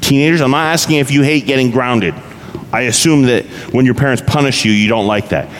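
Speaking fairly quickly in a medium-pitched voice, a man preaches a sermon in a conversational style and poses rhetorical questions to the congregation. The recording has the echo of a large hall and a faint hum of background noise.

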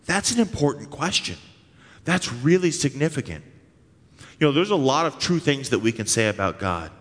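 A man preaching a sermon as pastor, earnest and emphatic, stretching key words slowly. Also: medium pitch, very animated. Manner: emphatic, earnest preaching with slow drawn-out stresses. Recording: long hall reverb.

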